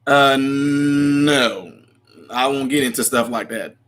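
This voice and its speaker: A man's voice: mid-range voice, takes it slowly, a bit bright. A man hosting a casual livestream, chatting and answering viewer comments in a rambling way, laughing often. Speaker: livestream host. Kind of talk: casual live chat reading comments.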